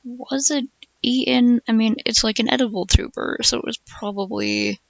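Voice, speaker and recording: Gravelly, musing streamer with a dull dry sound. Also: medium pitch, steady tone, normal speed, no echo. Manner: musing, drifting, with filler "like" and hums. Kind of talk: casual chat while reading aloud.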